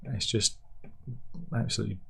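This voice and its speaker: Man, gravelly voice, casual news commentary, wry, chatty, home room. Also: fairly low pitch, steady tone, moderate pace, a bit bright. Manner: chatty, wry, laughs at his own jokes. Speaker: host.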